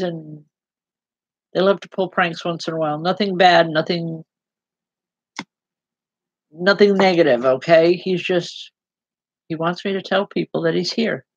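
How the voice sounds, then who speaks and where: A woman giving live spiritual readings as a medium, speaking haltingly with repeated words and a gently reassuring manner. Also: fairly low pitch, no echo, muffled recording. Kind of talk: live online psychic readings.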